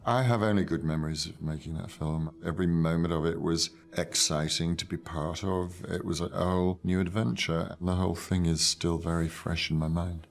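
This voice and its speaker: An older man, an actor, recalling a film role in a measured, thoughtful, self-deprecating interview. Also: deep voice, steady tone, creaky. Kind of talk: reflective interview.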